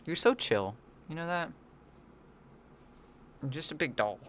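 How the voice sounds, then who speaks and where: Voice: medium pitch, a little slow, a little hiss or hum. A livestreamer, chatting casually with viewers while drawing. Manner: animated, chatty, reads and answers chat.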